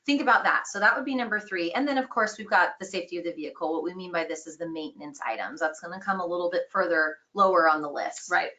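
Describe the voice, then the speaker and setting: Bright-voiced woman trainer, upbeat and conversational, explaining sales steps. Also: lowish voice, fast, hardly any pauses. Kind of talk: online training course.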